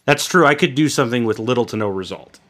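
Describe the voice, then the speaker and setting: Podcast co-host, young man, rambling and profane, bright edgy tone. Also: mid-range voice, lively intonation, fast. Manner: rambling, swears a lot, many fillers. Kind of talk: casual crude banter.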